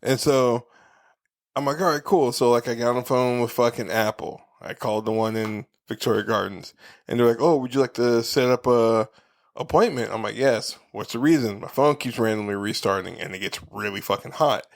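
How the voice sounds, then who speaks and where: A man's voice: mid-range voice, brisk. Man ranting through a casual story. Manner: animated storytelling, acting out the people he quotes. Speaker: podcast co-host. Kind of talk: casual profane chat.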